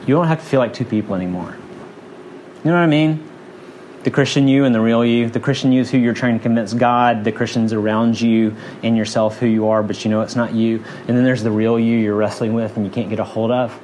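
A man's voice: mid-range voice, steady tone, a little fast, a little mellow, slight background noise. Earnest man preaching a sermon. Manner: earnest, conversational preaching with repeated phrases. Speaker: pastor.

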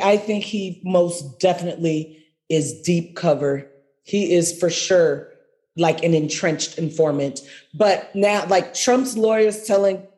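A co-host talking in a slow, unhurried way on a casual podcast. Their talk is chatty, with small stops and restarts as they think aloud. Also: medium pitch, darkish tone. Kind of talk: casual political chat.

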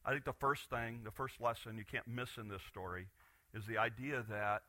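A man preaching a Sunday morning sermon as pastor, retelling a Bible story with animated voices for the people in it. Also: medium pitch, normal speed, no room sound.

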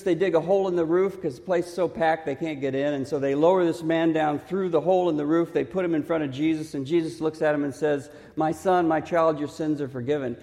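High-voiced man preaching in a hall. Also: dark tone. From Texas. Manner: questioning, emphatic, slows for stress. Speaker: pastor. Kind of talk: sermon. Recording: reverberant hall.

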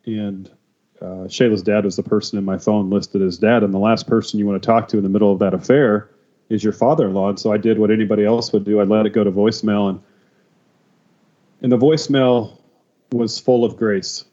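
Halting man sharing a personal testimony. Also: fairly low pitch, fairly even intonation, dark tone, dull audio. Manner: emotional, halting, many restarts. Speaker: podcast guest.

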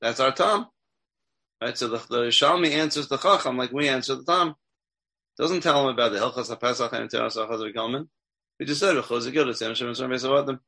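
A man's voice: medium pitch, brisk, sharp tone, breathy edge. A man teaching a text class as a rabbi, asking his students questions and checking in with them often. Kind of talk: interactive Torah class.

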